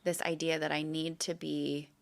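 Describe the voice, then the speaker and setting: A woman co-hosts a casual podcast with a very low, heavily gravelly voice. She speaks candidly and earnestly, with clear emphasis. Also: level tone, normal speed. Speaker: guest co-host, educator.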